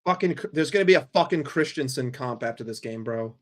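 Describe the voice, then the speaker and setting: Profane, excitable man calling a match live. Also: medium pitch, fairly quick. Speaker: streamer hosting a football watchalong. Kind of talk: live play-by-play commentary for a chat.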